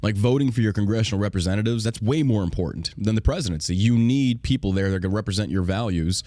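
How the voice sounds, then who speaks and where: A man's voice: fairly low pitch, fast talker, mellow, dry recording, studio quality. An American man hosting a podcast, talking in a casual, profane and combative way, often laughing. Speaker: podcast host.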